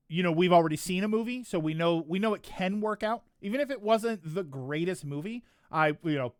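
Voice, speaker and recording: A man's voice: a little high, clear, resonant tone, no room sound, clean studio sound. A man streaming live, chatting casually and reacting to a trailer, rambling with frequent restarts. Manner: rambling, restarts, laughs often.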